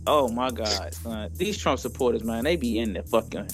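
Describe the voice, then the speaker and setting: A man's voice: mid-range voice, expressive, normal speed. Man, podcast co-host, profane slangy storytelling, faint music behind. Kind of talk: casual chat.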